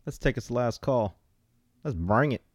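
A man hosting a podcast, giving casual, playful shout-outs and hyping up listeners. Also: mid-range voice, animated, normal speed, dry recording, clean studio sound. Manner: hyped, playful, riffs on names. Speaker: podcast host.

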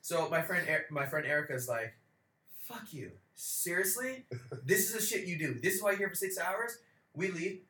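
A young man spins a rowdy story as a podcast co-host, cursing freely and slipping into the voices of the people he met. His voice sits a bit high and sounds bright and forceful. The room is noticeably echoey. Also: normal speed. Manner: animated, profane, acts out quoted voices. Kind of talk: casual storytelling chat. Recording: roomy echo.

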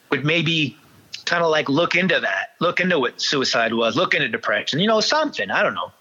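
A man as an interview guest, telling a candid personal story in a halting way, with many restarts and fillers. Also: fairly high pitch, sharp tone, husky. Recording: dull lo-fi sound.

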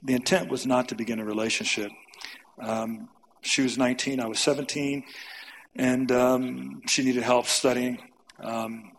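A middle-aged man from the United States speaks to a camp audience, telling his own life story as a testimony. His pitch sits at an ordinary middle level, and he slips briefly into other people's voices when he quotes them. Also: level tone, unhurried, poor audio. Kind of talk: personal testimony talk.

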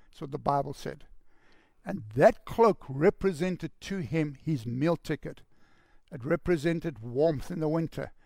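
A male pastor preaching an impassioned sermon, building to loud shouts at its peaks. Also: on the high side, vocal fry, no echo, clean studio sound.

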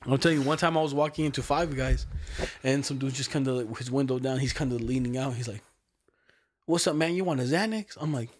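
A man's voice: medium pitch, flat delivery, fast, darkish tone, slight background noise. A young man chatting casually, telling loose stories full of slang and laughing often. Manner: laid-back storytelling, heavy slang, laughs often. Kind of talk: casual chat.

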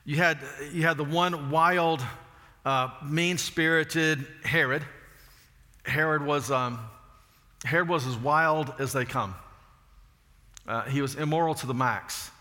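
A man's voice: on the high side, slow pace, pauses often, pushed and bright, long reverb tail. A man preaching a sermon, telling folksy stories and asking rhetorical questions.

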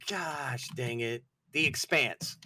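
A man's voice: mid-range voice, slow, a crowd in the background. A man from the Southern US with a Southern accent, co-hosting a casual comedic chat and acting out silly voices. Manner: animated, jokey, acts out voices. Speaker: podcast co-host.

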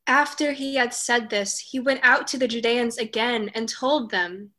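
A woman narrating a dramatized scripture reading in a clear, measured way. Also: a little high, fairly even intonation, sharp tone.

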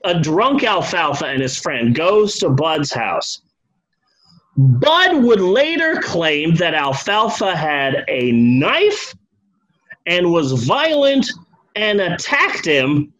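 A man's voice: on the high side, big pitch swings, slow, fairly bright tone, low-quality recording. A man hosting a podcast, telling a true story with comedy, profanity and joking asides. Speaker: podcast host.

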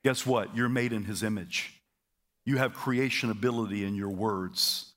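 A man preaching a sermon to his congregation, energetic and having them repeat phrases back to him, with stammered repeats and quick asides. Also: fairly low pitch. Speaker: pastor. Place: church auditorium.

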